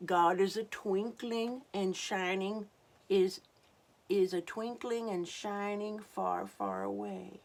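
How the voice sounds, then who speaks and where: A woman voicing a twinkling star in a children's storybook, read slowly in a dreamy read-aloud way. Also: medium pitch, creaky, pitched above the performer's own voice. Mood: wistful. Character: twinkling star far up in the sky.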